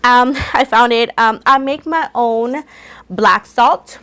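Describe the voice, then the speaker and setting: Speaking slowly at a fairly high pitch, with a slightly bright tone, a woman hosts a tarot channel. She chats casually and rambles, repeats herself frequently, and coughing has roughened her voice a little.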